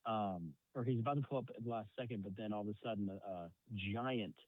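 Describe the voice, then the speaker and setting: A man's voice: fairly low pitch, quick pace, no room sound. A man co-hosting a podcast, retelling a movie plot in casual chat, acting out quotes with lots of swearing. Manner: animated storytelling with acted-out quotes and frequent swearing. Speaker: podcast co-host. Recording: dry tinny phone-like sound.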